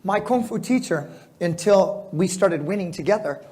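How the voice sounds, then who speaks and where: A middle-aged man from the United States telling lively stories to an audience at a fitness symposium, with fillers, restarts and laughter. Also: high voice, normal speed. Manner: animated, laughing storyteller with filler words and restarts. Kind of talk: storytelling talk to a live audience.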